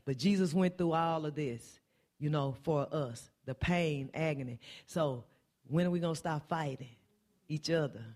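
A woman's voice: a little slow, a little mellow. Impassioned woman preaching in church. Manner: impassioned, repetitive refrains, pitch climbing on key phrases. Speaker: church speaker. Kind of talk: sermon.

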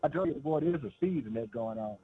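Husky guy preaching hard, keeps saying boy and man, sounds like a tinny radio. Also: mid-range voice, expressive, quick pace. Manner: fervent, calls "boy" and "man", laughs between lines. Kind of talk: sermon.

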